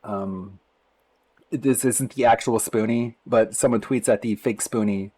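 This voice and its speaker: A lowish male voice with a sarcastic, mocking edge as he reacts to posts on a live stream. He keeps a casual commentary going and breaks into laughs between remarks. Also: steady tone, unhurried, warm tone, husky, no echo, low-quality recording.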